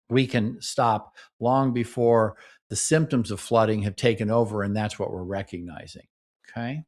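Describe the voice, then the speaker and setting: A man hosting a relationship show, explaining to couples in an instructional talk and checking in with "okay?" and "right?". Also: medium pitch. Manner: coaching, frequent "okay?" and "right?" check-ins. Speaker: relationship therapist and podcast host.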